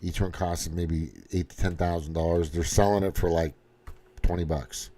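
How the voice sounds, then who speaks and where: A middle-aged man, pitched a little low, rants casually over clips. His delivery is sarcastic and crude, heavy on swearing. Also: steady tone, brisk, mellow. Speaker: commentary host. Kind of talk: casual reaction commentary.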